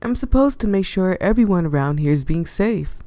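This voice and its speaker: A woman's voice: on the low side, animated, moderate pace, dark tone, no room sound, natural voice. A woman voicing a cocky young male lifeguard in a visual novel, smug and teasing, recorded close on a dry mic. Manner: smug, teasing, self-important. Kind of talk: visual novel read-aloud.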